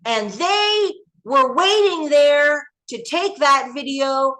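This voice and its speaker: A woman from the United States, an interview guest, telling past events in an animated, emphatic way with many restarts. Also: high voice, slow pace, poor audio.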